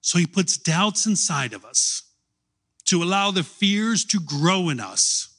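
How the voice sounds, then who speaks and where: Slow, lively middle-aged preacher man. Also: sits high. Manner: slow storytelling with long pauses. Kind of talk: sermon.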